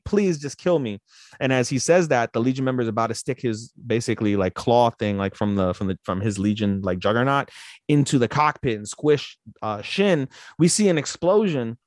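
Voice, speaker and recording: A man's voice: medium pitch, dry recording, clean studio sound. A man co-hosting a podcast, casually recapping anime episodes in a rambling way, full of fillers and swearing. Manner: rambling, frequent fillers and profanity. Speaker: podcast co-host.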